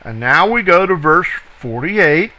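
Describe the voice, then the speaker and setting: A man teaching from scripture, reading each verse slowly and deliberately, calling out reference numbers and stressing key words. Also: a little high, sing-song, bright, forceful tone, poor audio. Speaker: Bible teacher. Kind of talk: scripture reading with word study.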